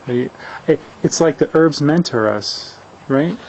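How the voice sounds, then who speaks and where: A man interviewing an herbalist, giving soft backchannels and thoughtful remarks. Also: a little high, animated, normal speed. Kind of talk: interview questions. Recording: dull lo-fi video sound, faint hiss.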